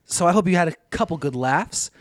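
Young guy podcast co-host, high animated voice, dry close mic, crude stories. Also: brisk, dry recording. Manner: rowdy, profane storytelling with mocking impressions. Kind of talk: casual podcast banter.

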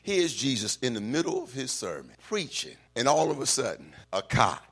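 A man preaching a call-and-response sermon, climbing into shouts at the peaks and then dropping low and quiet, in a church sanctuary. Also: sing-song, moderate pace, slightly rough. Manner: whoops and shouts at climaxes, then drops low.

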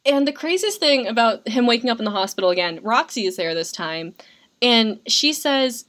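Chatty young woman, fairly high voice. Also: animated, normal speed, a bit bright. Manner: chatty, sarcastic, frequent "like" fillers. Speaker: podcast co-host. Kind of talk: casual film recap chat.

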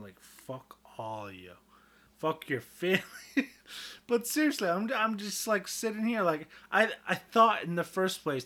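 A man talking casually on his own, joking and swearing a lot, often getting loud and worked up. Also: on the high side. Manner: profane, joking, self-deprecating, swings loud and excited. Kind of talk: casual rambling monologue.

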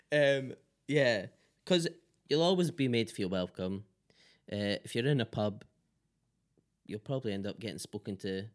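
A man's voice: medium pitch, a little slow, long pauses. Laughing Scottish man chatting as a podcast guest. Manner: laughs often, animated storytelling. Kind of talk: casual chat.

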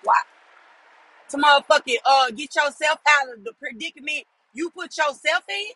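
A man giving a casual, profane opinion rant, often shouting for emphasis and asking "you know what I'm saying". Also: very high voice, normal speed, dry recording, rough recording. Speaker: commentator.

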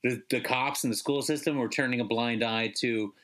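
A man's voice: mid-range voice, moderate pace, a bit bright. A male podcast co-host chatting casually about movies, rambling and laughing often.

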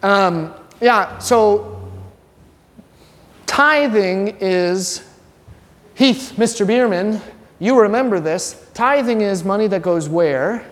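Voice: medium pitch, lively intonation, slow, pauses often. Joking teacher in a reverberant classroom. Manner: conversational, joking, quizzes students by name. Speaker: religion teacher. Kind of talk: classroom lesson with student questions.

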